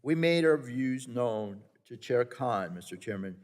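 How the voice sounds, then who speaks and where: A man's voice: medium pitch, lively intonation, measured pace. A man speaking as a member of a committee markup, delivering a formal floor statement with earnest, insistent repetition and occasional stumbles. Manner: earnest, insistent, with repeated phrases and some stumbles. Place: large committee hearing room. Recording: long reverb from a hearing room.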